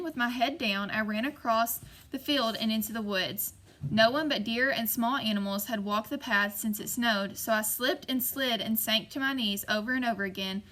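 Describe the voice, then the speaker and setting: A woman narrating a story in the first person with measured, suspenseful delivery. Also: fairly high pitch, pushed and bright. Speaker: audiobook narrator.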